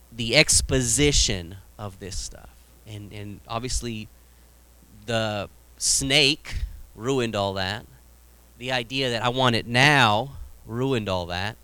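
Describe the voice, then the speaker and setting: A man's voice: medium pitch, bright, forceful tone, clean tone. A male pastor preaching casually, with humor and frequent restarts. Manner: conversational preaching, acts out Bible scenes with humor; frequent restarts and repeated words. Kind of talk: sermon.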